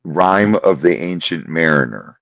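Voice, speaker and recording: A man co-hosting a podcast in casual chat, an ex-bass player talking gear with eager, opinionated enthusiasm. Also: lively intonation, unhurried, creaky, a bit bright, no room sound, dull audio. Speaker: podcast co-host.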